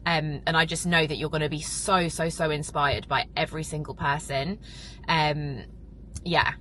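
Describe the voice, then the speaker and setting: A young woman chatting to her camera, gushing and a little emotional, rambling through fillers as she talks. Her voice sits low but sounds bright and forceful. A faint hiss of noise runs underneath. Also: fairly even intonation, normal speed, poor audio. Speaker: vlogger and podcast host. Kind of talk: casual vlog chat to camera.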